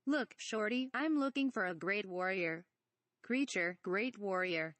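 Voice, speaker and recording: A woman's voice: mid-range voice, animated, unhurried, fairly bright tone, dry recording. Woman reading as an exasperated young pilot. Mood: annoyed. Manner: exasperated, snappish. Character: irritable young male pilot.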